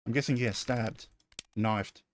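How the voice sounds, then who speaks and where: A man's voice: medium pitch, steady tone, unhurried. A man playing a video game and thinking aloud in casual commentary, often correcting himself. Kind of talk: let's-play commentary.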